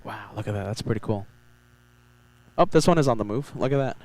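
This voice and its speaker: A man's voice: fairly low pitch, fairly quick, a little mellow, dry recording, rough recording. Upbeat man hosting a live stream. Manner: upbeat, repeats phrases, reads chat aloud. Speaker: livestream host. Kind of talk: live spotting stream commentary. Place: outdoors at a beach.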